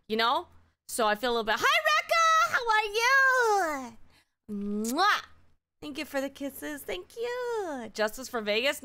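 Woman streamer, casual chat, excitable, foul-mouthed; crisp, ringing voice, voice still recovering from strain. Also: medium pitch. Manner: excitable and heavily profane.

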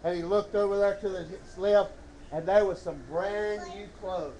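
A man preaching a storytelling sermon at a church service, calling out to the congregation and swooping into slow, dramatic phrases. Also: high-pitched, steady tone, warm tone, a little hiss or hum.

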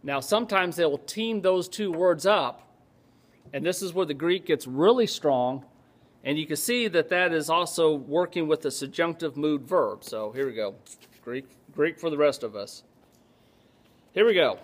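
Chatty pastor teaching scripture. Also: male voice, a little high, animated, unhurried. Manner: conversational, digressive, checks in with the congregation. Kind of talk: Bible teaching sermon.

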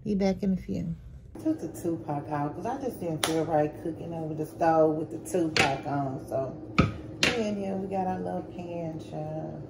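A woman's voice: sits low, normal speed, creaky. A sleepy, exhausted woman vlogging casually with speech, laid-back and tired, chatting to viewers as y'all and swearing casually. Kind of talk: casual vlog chat to camera. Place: home kitchen, indoors. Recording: echoey room with background noise.

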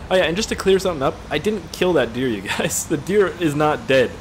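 A man's voice: on the high side, lively intonation, fairly quick, slight background noise, low-quality recording. A man giving casual gameplay commentary as a video creator, rambling and jokey with lots of swearing. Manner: rambling, profane, jokey storytelling.

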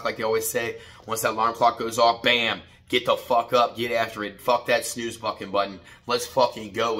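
A middle-aged man giving a blunt, profane morning motivational talk, preachy and repetitive, building to shouted pep-talk bursts. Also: lowish voice. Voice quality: profane, blunt, street-casual. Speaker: motivational vlogger.

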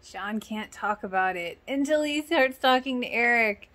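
Brief: higher-voiced woman hosting a reaction channel, chatty recap with frequent giggles. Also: lively intonation, normal speed, a bit bright. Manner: chatty, giggly, re-enacts characters' lines. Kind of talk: casual episode recap commentary.

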